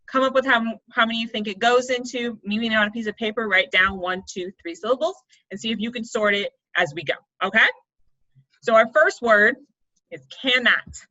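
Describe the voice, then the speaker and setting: A woman's voice: on the high side, pushed and bright, dull audio. A woman coach teaching a chatty, upbeat online writing lesson, explaining step by step.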